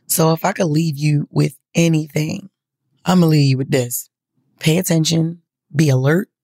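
A woman's voice: sits low, steady tone, moderate pace, mellow, husky, no echo, studio quality. A woman hosting a podcast from the United States, talking bluntly and earnestly with lots of swearing, emotional as she speaks. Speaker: podcast host. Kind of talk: casual emotional monologue.

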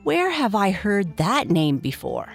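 A woman's voice: medium pitch, huge pitch swings, unhurried, vocal fry, faint music behind, exaggerated voice. A woman voicing a curious young male rocking horse toy in a children's story. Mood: wondering.

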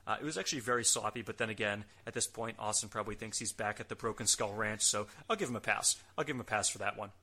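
A man's voice: lowish voice, fast talker, hardly any pauses, pushed and bright. A man hosting a podcast, giving a casual recap with wry, joking asides and the odd curse word. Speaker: podcast host. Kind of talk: casual recap narration of a wrestling show.

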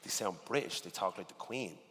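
A man with a working-class Dublin accent, talking in a casual interview, animated and swearing often with lots of "you know what I mean". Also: low-pitched, brisk, big-room sound. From Dublin, Ireland. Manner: animated, swearing, filler-heavy storytelling. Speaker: rapper, interview guest.

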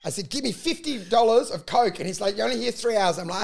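A man's voice: very high-pitched, a little fast, gravelly, few pauses. A man telling a rambling story in casual chat, swearing a lot and acting out what people said. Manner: profane, animated storytelling with acted-out quotes. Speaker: comedian.

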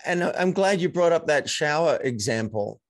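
Guy coach telling stories on a podcast, calm and thoughtful, dead dry mic. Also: on the high side, normal speed, no echo. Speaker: coach, guest. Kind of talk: casual interview chat.

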